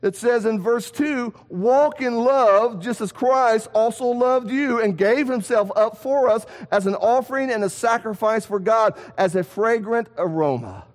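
A man with a strikingly high voice preaches a sermon in a hall with a long, echoing reverb. He builds to emphatic shouts, then drops to quiet, low lines. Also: unhurried, few pauses.

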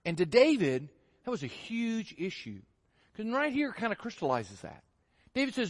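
Male pastor, fairly high voice, lively sermon delivery with acted-out lines, long reverb from a church sanctuary. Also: normal speed. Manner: animated, acts out voices of the story. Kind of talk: expository sermon reading and explaining scripture.

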